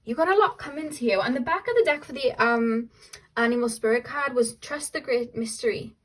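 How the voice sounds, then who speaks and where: A young woman talks through a casual tarot reading in a chatty, upbeat way. Her voice sits a little high. She trails off, restarts, and slips into quoting what the viewer is thinking. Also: fairly quick, fairly bright tone, low-quality recording. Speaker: tarot reader.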